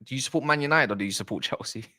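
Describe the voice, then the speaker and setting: A very fast, medium-pitched man's voice belongs to a football livestream host from South East London. His casual stream chat is chatty, full of viewer shout-outs and chat messages read aloud.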